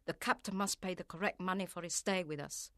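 A stubborn middle-aged innkeeper mother who speaks firmly and insistently, as a man reading the story puts her on. the voice is pitched up high and sits close with a dry sound. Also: brisk, pushed and bright, dry recording. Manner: firm and insistent.

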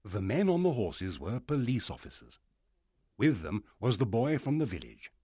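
A man narrating a storybook aloud in an expressive reading style. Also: medium pitch, moderate pace, breathy edge, no room sound, clean studio sound. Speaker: audiobook narrator.

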